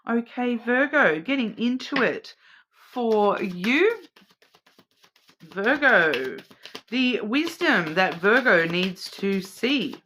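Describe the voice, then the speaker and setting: A woman's voice: fairly high pitch, expressive, slow pace, fairly bright tone, slight background noise. A woman giving a weekly oracle card reading as host, musing aloud, repeating words as she searches for meaning, and checking in with the listener. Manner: addresses the listener directly, checking in with "okay?". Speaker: card reader.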